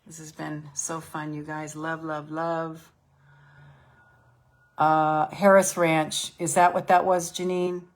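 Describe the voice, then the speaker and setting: A middle-aged woman hosting a live spiritual session, guiding listeners through slow, prayerful affirmations. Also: deep voice, little pitch movement. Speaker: host and self-love coach. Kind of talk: guided spiritual meditation on a live stream.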